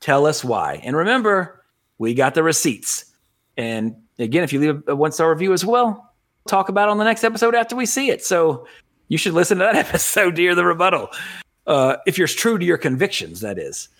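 A man's voice: fairly high pitch, big pitch swings, a little fast, fairly bright tone. A man hosting a podcast in casual chat, rambling and correcting himself, laughing often. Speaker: podcast host.

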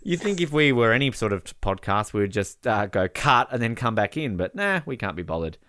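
A man chats his way through a live match for a podcast, jokey and loose. His pitch swings widely, and the voice is smooth and resonant. The recording is dry and close. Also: fairly quick, no echo. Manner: chatty, jokey, bursts into excited shouting at big moments. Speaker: podcast co-host. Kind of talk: casual live-watch commentary.

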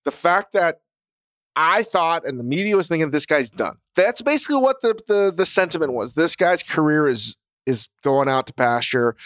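A man co-hosting a podcast in casual, animated chat, swearing freely and laughing as he tells stories. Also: a little high, normal speed, no echo, clean studio sound. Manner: animated, profane, laughing storyteller. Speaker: podcast co-host.

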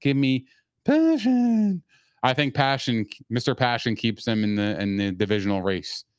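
A man's voice: fairly low pitch, fairly quick, clear, resonant tone, no echo. Man, podcast co-host, casual sports chat, blunt, swaggering, cursing, resonant voice, dry close sound. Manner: blunt, profane, rants with swagger.

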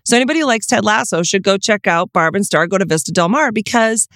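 A woman co-hosting a podcast in casual chat, enthusiastic and bubbly, her voice jumping up high when she argues. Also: expressive, fast, a bit bright, no room sound, studio quality. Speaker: podcast co-host.

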